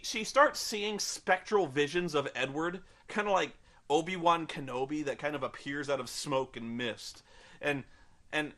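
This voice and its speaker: A man's voice: fairly high pitch, pushed and bright. A man giving a rambling, sarcastic, and profane spoken film review, full of fillers.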